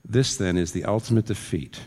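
A man's voice: on the low side, brisk, a little mellow. A man preaching a sermon in an earnest way, his voice climbing into urgent questions. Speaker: pastor. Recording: long reverb of a large hall.

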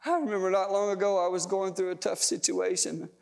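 A pastor with a high-pitched male voice tells family stories in a folksy, emotional way. His sermon rings with long reverb, as in a large hall. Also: flat delivery, brisk, creaky, a little mellow. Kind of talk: storytelling sermon.

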